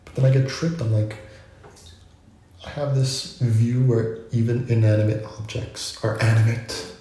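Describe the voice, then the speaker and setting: A man's voice: mid-range voice, fairly even intonation, unhurried, dark tone, a little hiss or hum. A man vlogging, musing in a loose, rambling way full of asides. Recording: very echoey room.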